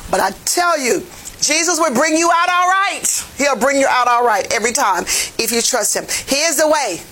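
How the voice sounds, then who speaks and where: A woman Bible teacher preaching a lesson in a fervent, plain-spoken way, her voice swelling to near-shouts. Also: high voice, animated, normal speed, slight background noise, rough recording. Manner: folksy, plain-spoken phrasing. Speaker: jail ministry Bible teacher.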